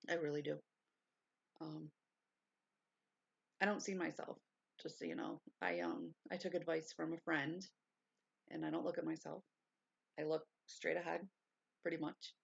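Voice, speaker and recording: A woman chatting casually to her stream viewers from her bedroom, repeating herself and gushing with excitement, sometimes keeping her voice down. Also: low voice, gravelly, husky, no echo. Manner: hushed at times to stay quiet. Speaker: vlogger. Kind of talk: casual livestream chat. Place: bedroom at home. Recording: dull lo-fi sound.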